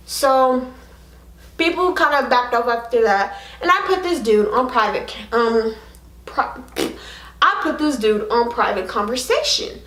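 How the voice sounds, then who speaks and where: Young woman spilling the tea on camera, lots of "like", kinda high voice, echoey room. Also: unhurried. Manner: animated, frank, heavy on fillers. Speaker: vlogger. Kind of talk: casual storytime to camera.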